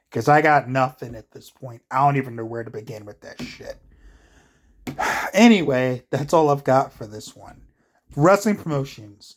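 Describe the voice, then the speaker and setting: An animated man with a mid-range voice speaks at a moderate pace, offering ranting wrestling commentary to camera. The delivery is casual and profane, exasperated and rambling, heavy on filler words.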